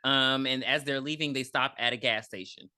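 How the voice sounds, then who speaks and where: A woman's voice: very deep voice, moderate pace, sharp tone. A woman co-hosting a podcast, chatting and joking her way through a movie recap. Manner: chatty and joking, with many restarts. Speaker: podcast co-host. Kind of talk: casual movie recap chat.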